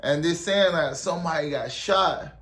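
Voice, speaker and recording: A man's voice: fairly high pitch, moderate pace, a bit bright. A young man from South Carolina, telling a story casually and rambling with lots of "like" and "you know". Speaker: storyteller, army veteran.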